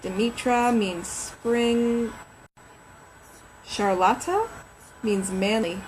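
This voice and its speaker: A woman's voice: a little high, fairly even intonation, extremely slow, darkish tone, faint music behind, poor audio. A woman novelist chatting on a casual livestream from home, rambling and reading names aloud as she thinks.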